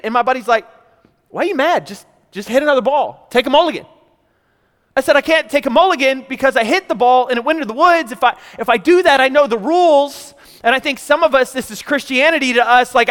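A young man delivers a lively sermon, his voice sitting unusually high and ringing bright and smooth. He talks to the congregation casually, then builds to energetic exclamations. His words carry a long reverb from a large church hall. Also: a little fast. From Texas. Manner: energetic, conversational preaching with rising exclamations. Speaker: pastor.

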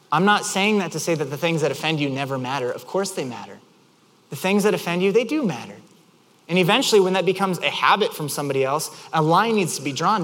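A high-pitched man preaching to a congregation, an animated storyteller who acts out every quote. His voice rings out with a long reverb in a large church hall. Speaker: pastor. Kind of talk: sermon with personal stories.

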